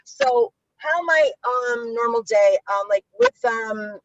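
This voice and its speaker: Her voice on the high side, a middle-aged woman speaks slowly but very animatedly as an interview guest. She is a violence interrupter telling stories, cursing freely, and imitating those she quotes. The recording is dry, with the highs cut off.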